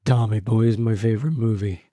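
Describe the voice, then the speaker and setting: A man doing a gruff Swedish action hero. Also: fairly low pitch, steady tone, brisk, mellow, no room sound, pitched below the performer's own voice, lightly acted. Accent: put-on Swedish. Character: deep-voiced Swedish action-movie tough guy.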